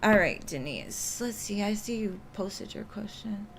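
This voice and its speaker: A woman's voice: medium pitch, expressive, measured pace, vocal fry, a little hiss or hum. A woman doing live tarot readings, talking in a chatty, reassuring way with lots of casual fillers. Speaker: tarot reader.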